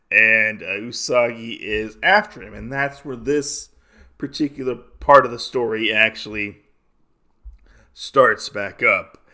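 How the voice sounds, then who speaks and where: A young adult man hosts a podcast and casually recaps a comic, rambling with many fillers. His voice is lowish, bright, and forceful in tone.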